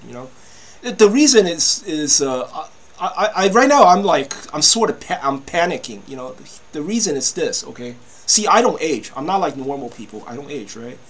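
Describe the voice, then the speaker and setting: A man in his fifties delivers an agitated monologue to camera in a high, swooping voice. He stumbles over restarts, leans on "you know" and curses casually. His pitch leaps up and down as he complains. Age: 50s. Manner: swears freely. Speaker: vlogger.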